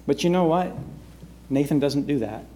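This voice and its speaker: A male preacher delivers a sermon in a high voice. He leans hard on key words, then drops to a near hush for effect. His tone is dramatic and built for a congregation. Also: expressive, normal speed. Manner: dramatic, shifts between loud emphasis and hushed delivery.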